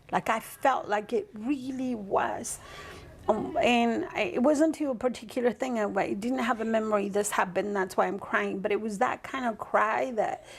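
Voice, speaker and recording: A woman's voice: fairly high pitch, creaky, slightly rough. A woman guest on a podcast telling a personal story in a reflective, rambling way, often checking in with "right?". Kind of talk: casual interview storytelling.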